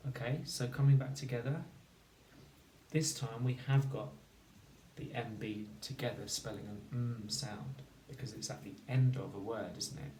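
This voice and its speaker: A man teaching a phonics lesson to children, slowly and clearly sounding out each word. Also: mid-range voice, a little mellow. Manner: slow, clear sounding-out of words. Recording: echoey room, distant mic, faint noise.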